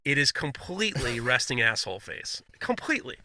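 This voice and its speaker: Bright, animated man telling a story. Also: mid-range voice, a little fast. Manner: self-deprecating humor. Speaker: podcast co-host. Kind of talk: casual storytelling chat.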